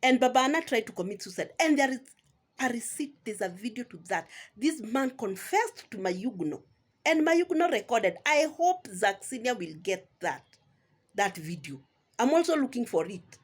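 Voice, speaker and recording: Scolding Kenyan woman with a husky voice. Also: a little high, very animated, moderate pace. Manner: scolding, sarcastic, keeps asking "eh?". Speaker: vlogger. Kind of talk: ranting commentary.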